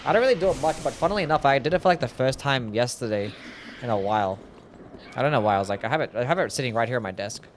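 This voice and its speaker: A young streamer comments on a game live in a laid-back, musing way, thinking aloud and answering questions from chat. His mid-range voice is animated and very fast, with a little hiss or hum on the recording.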